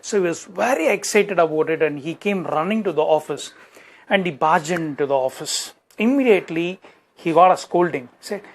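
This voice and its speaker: High-voiced motivational speaker. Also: male voice, normal speed. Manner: plain explanatory storytelling. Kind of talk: storytelling talk.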